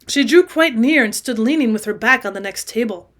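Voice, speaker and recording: Woman reading an old novel aloud for a class, kinda high voice, gets louder on the dialogue. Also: expressive, brisk. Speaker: audiobook reader and teacher.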